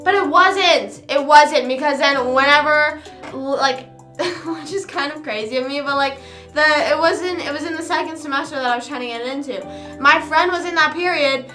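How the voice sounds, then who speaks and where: A young woman chatting on her live stream, telling a story in a high, bright voice and slipping into the voices of the people in it. She fills her talk with "like". The room sounds echoey, with faint music underneath. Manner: chatty, lots of "like", acts out quoted people. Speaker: livestream host. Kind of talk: casual storytelling chat.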